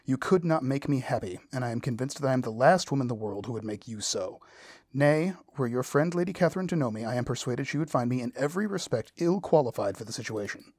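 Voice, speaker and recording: A man reading the lines of a spirited young woman firmly refusing a proposal, with a husky voice. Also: medium pitch, animated, fast talker, darkish tone, no echo, studio quality. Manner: firm and exasperated refusal.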